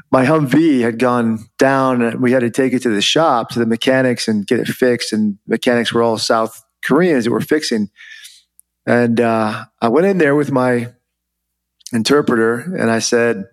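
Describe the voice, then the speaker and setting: Male guest, mid pitch, relaxed storyteller, loose and chatty. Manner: relaxed, chatty, many fillers. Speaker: guest, former Army officer. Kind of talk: interview storytelling.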